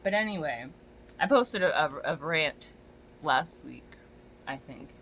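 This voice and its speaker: A young adult dog walker ranting to a phone camera, exasperated and profane, often climbing to near-shouts. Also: mid-range voice, animated, slow pace, a little hiss or hum.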